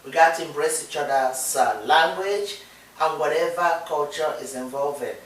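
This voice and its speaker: A woman's voice: sits low, moderate pace. A Nigerian-accented woman co-hosts a casual talk show, earnest and encouraging, driving her points home by repeating them. She sits well back from the mic, and the room around her rings with heavy echo. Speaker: co-host. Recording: distant, echoey room sound.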